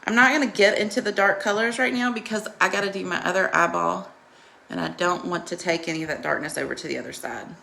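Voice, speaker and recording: A woman's voice: fairly low pitch, quick pace, gravelly, pushed and bright, a little hiss or hum. A woman hosting a live makeup tutorial, chatting and greeting viewers by name while coaching them through each step in a reassuring way.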